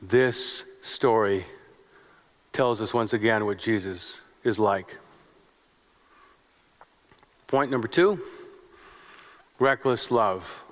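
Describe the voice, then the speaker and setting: A man's voice: on the low side, slow pace, long pauses, fairly bright tone. A male pastor preaching a sermon in short, repeated phrases and rhetorical questions. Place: church sanctuary. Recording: long reverb of a church sanctuary.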